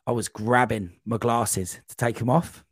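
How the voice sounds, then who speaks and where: A man guest on a podcast, telling a long, rambling running anecdote in a casual, animated way. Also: medium pitch, a little slow, husky, no room sound. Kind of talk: casual storytelling.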